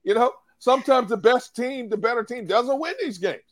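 A man's voice: very high-pitched, moderate pace. A man breaking down a football loss on a post-game show, emphatic and opinionated. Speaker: sports analyst.

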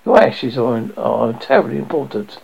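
A man reading aloud and voicing the Doctor, an eccentric time traveller who is politely insistent and brisk. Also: mid-range voice, creaky, darkish tone, a little hiss or hum. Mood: pleading. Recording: dull lo-fi audio.

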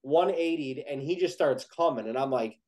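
A young man telling a casual, animated story on a podcast, peppering his talk with "like". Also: a little high, normal speed, low-quality recording. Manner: animated, heavy use of "like", excited retelling.

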